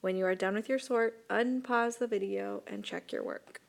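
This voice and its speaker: A woman teacher giving a recorded lesson to young students, talking slowly and carefully and repeating each word. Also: medium pitch, steady tone, gravelly. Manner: slow, deliberate, repeats words for young students. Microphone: tablet microphone.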